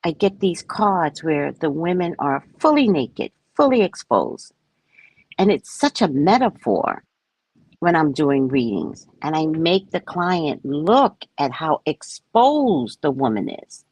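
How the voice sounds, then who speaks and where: A woman with a husky, lowish voice gives a spiritual talk as a psychic reader. She speaks slowly, with lively swings in pitch, and acts out the voices in her stories. The sound is close and dry. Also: no room sound, low-quality recording. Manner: animated, acts out voices in quoted exchanges, then slow and hushed when reading. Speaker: psychic reader reading from a book. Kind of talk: casual spiritual monologue and reading aloud.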